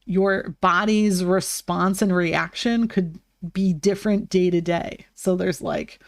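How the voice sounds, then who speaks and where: A woman live streamer in casual chat with her viewers, talking loosely with lots of "like" and breaking into bright, high greetings. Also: slow pace, no room sound, clean studio sound. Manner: chatty, fills with "like", bursts into high greetings.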